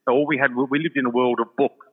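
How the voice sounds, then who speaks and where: An older Australian man, a psychic guest, tells his story in an effusive, chatty way full of fillers. His medium-pitched voice is steady, fast and slightly rough, coming through a tinny, phone-like line with long reverb.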